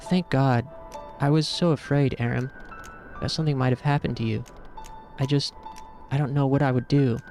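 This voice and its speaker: A man's voice: mid-range voice, steady tone, normal speed, long pauses, darkish tone, soft background music, natural voice. A man voicing a tearful, anxious young woman, his voice choking as if holding back tears.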